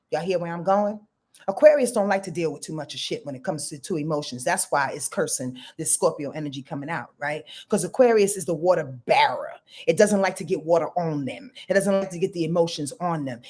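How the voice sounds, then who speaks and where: A woman's voice: low-pitched, darkish tone, husky. A woman astrologer giving a casual weekly talk in a blunt, emphatic manner, with profanity.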